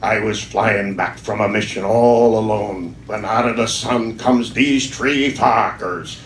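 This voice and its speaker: A man doing a slow old Swedish pilot. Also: on the low side, a little hiss or hum. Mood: boastful. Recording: echoey room from far off.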